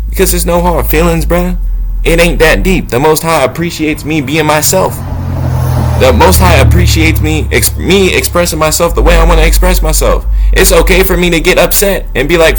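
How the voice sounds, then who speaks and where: A man talking off the cuff about faith and self-trust, blunt and profane, swinging between low musing and loud preaching. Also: moderate pace, husky. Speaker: motivational talker. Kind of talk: unscripted spiritual monologue.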